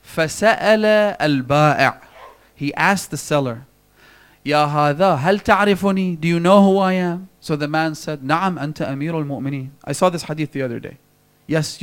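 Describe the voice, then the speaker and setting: A man's voice: fairly high pitch, a bit bright. A man giving a religious sermon, telling a story with dramatic shifts in intensity and acting out the quotes. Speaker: preacher. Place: mosque lecture hall.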